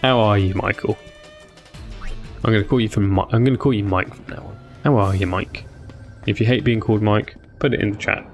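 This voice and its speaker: A man's voice: fairly low pitch, brisk, gravelly, faint music behind. A tired man chatting casually with viewers during a game stream, rambling with many fillers. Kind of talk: casual live-stream chat.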